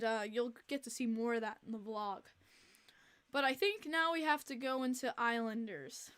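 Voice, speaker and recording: A young woman hosts a casual podcast livestream in a high, bright-pitched voice. She talks in an animated, exasperated way, repeating her points with plenty of fillers. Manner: chatty, with many fillers. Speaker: podcast host.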